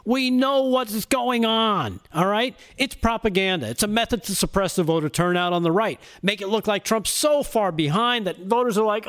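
A man's voice: high voice, moderate pace, few pauses, fairly bright tone. A man giving opinionated talk show commentary in a sarcastic tone, often laughing at his own jokes. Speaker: segment contributor on a talk show.

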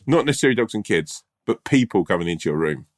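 Man, podcast co-host, teasing, mock-earnest, animated pitch. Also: fast talker. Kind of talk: casual chat.

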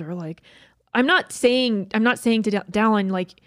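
A young woman co-hosting a casual advice chat, relaxed and chatty, with many "like" fillers. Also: medium pitch, moderate pace, no echo, clean studio sound. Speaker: podcast co-host.

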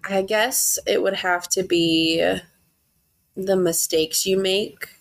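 A woman's voice: mid-range voice, fairly even intonation, slow. A woman co-hosting a podcast in casual chat, telling stories in a self-deprecating way and laughing at herself. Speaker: podcast co-host.

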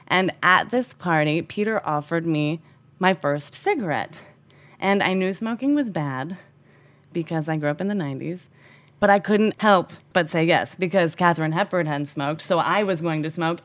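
A woman telling a personal story with an animated, emphatic delivery. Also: lowish voice.

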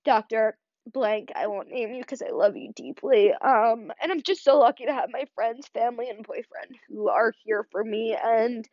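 Her voice sitting on the high side, a young adult podcast host speaks at a moderate pace in a heartfelt solo monologue. She is near tears, earnest, rambling, and heavy on "like" and "you know" fillers. Dry, slightly dull lo-fi recording, no echo.

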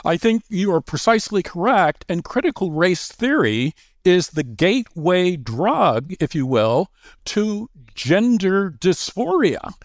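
A man who is a guest author, explaining his views in a measured, lecturing way. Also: high voice, no echo, clean studio sound. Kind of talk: interview conversation.

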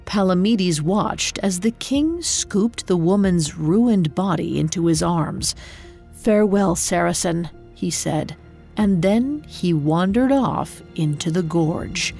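A woman narrating a scripted storybook legend in a measured, deliberate way. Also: lowish voice, lively intonation, darkish tone, faint music behind.

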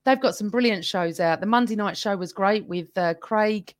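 A woman's voice: medium pitch, normal speed, no echo. A woman hosting a live fan podcast on her own, chatting casually with viewers and reading out their comments. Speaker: podcast host. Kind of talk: live-stream fan chat.

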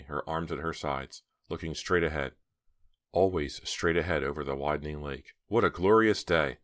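Man reading an audiobook, extremely low voice, steady and measured, dry close sound. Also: dry recording. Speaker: audiobook narrator. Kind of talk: scripted narration.

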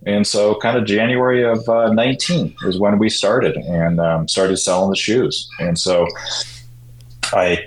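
A man talks casually as a guest in an interview, going through his story at an easy pace. His voice sits a little low. The recording has a noticeable roomy echo. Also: normal speed. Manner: animated, jumps higher when quoting people. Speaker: guest, shoe importer.

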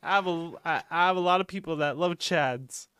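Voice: medium pitch, fairly quick, fairly bright tone, clean tone, dry recording. A podcast host chatting casually, playful and laughing a lot. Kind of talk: casual joking chat.

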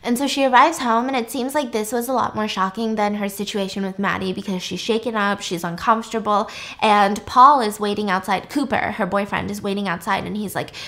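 A woman podcast host recapping a film in a casual, animated way, swearing and acting out scenes. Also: medium pitch, fairly quick.

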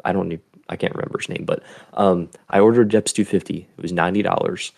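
Deep gravelly young man. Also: fairly even intonation, fast, a little mellow. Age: young adult. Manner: easygoing, earnest, rambling. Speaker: guest, bait builder. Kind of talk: casual chat.

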